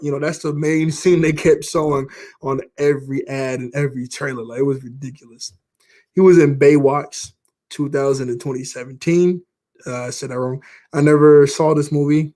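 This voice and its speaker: A man's voice: medium pitch, mellow. A young man chatting casually about movies, meandering, with lots of fillers and frequent laughs. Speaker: YouTuber. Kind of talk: casual rambling commentary.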